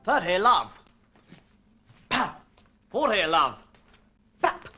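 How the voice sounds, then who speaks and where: A woman's voice: medium pitch, sing-song, extremely slow, pushed and bright, faint music behind, heavily acted. A woman voicing an eager, boastful sporty character in a children's show.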